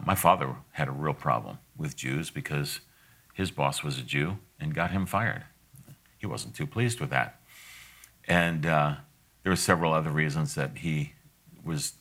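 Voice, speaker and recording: A man's voice: rumbling low, unhurried, long pauses, a bit bright, breathy edge. A middle-aged man giving a conversational sermon, folksy and direct, with asides and frequent laughs.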